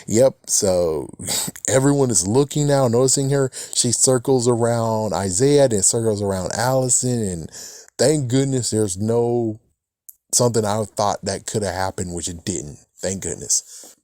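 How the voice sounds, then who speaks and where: In a dry, clean studio recording, a man with a fairly low, dark voice reviews a TV episode at a measured pace. He rambles casually, swears often, and keeps reaching for "it's like."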